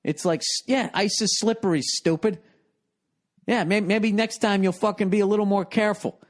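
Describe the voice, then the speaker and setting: A man's voice: high voice, fairly even intonation, normal speed. A man in his forties from the United States, a comedian hosting his own podcast, telling a rambling story in a profane, exasperated way. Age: 40s.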